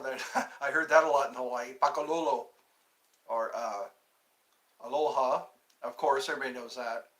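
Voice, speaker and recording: A man's voice: medium pitch, fairly bright tone, rough recording. A man hosting a casual live stream, chatting in a rambling, self-interrupting way. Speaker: livestream host.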